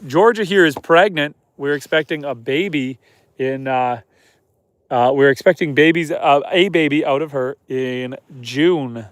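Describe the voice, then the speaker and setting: A homesteader from Canada chats on a livestream from his snowy yard after dark. He reads viewer comments aloud and answers them in an easy, relaxed way. His voice sits a little higher than most men's, and the sound is dry and close to the phone mic. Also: measured pace, no echo. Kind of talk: casual live stream chat. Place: outdoors at night on a snowy homestead.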